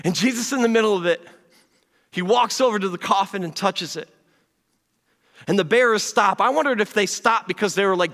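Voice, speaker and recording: A man preaching in a high, ringing voice. His delivery is earnest and conversational, and he often drops into quiet, slow asides. The voice carries a long reverb, as in a large hall. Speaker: pastor. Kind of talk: sermon.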